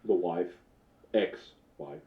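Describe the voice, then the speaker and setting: Laughing tabletop player, man, slow and unhurried, roomy muffled recording. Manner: laughs often, halting and easygoing. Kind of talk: casual tabletop role-play. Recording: echoey, muffled.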